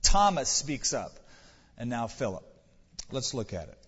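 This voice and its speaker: A man's voice: medium pitch, very animated, unhurried, fairly bright tone, breathy edge, in a large hall. Pastor, male, earnest conversational preacher; dull, muffled recording. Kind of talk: sermon.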